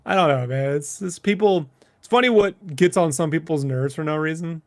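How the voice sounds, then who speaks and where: A man's voice: a little high, normal speed, no room sound. A man co-hosting a casual podcast, blunt and sardonic, swearing freely. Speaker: podcast co-host, artist. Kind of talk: casual chat.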